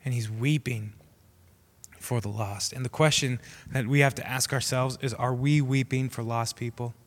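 A young man preaching a casual, passionate sermon, dropping to a hush and rising to shouted prayers. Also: medium pitch, steady tone, moderate pace. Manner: swings from hushed to shouting prayers; acts out quoted voices, casual slang. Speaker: youth preacher. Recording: long hall reverb.

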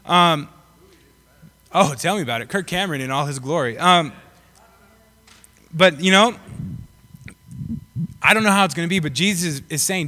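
A young man preaches in a loose, joking way, rambling and full of fillers as he talks to the room. His voice is bright and slightly higher than most men's. It rings out with the long reverb of a hall. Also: moderate pace, pauses often. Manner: rambling and jokey with many fillers. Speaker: pastor. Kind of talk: casual, joking sermon.

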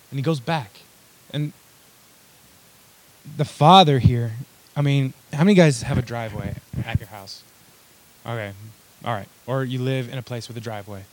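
A man's voice: medium pitch, normal speed, pauses often, slight background noise. A young man preaching a sermon in a casual, conversational way, full of fillers and joking asides. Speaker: pastor.

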